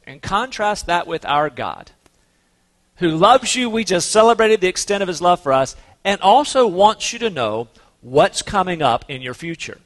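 A man's voice: sits high, a bit bright, in a large hall. A man preaching a sermon as pastor, telling a story in a conversational way with fillers and restarts.

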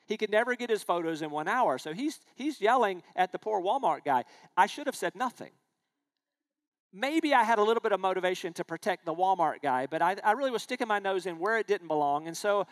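A man, preaching a sermon in a conversational way, asking the congregation questions and telling personal stories. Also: high voice. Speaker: pastor.

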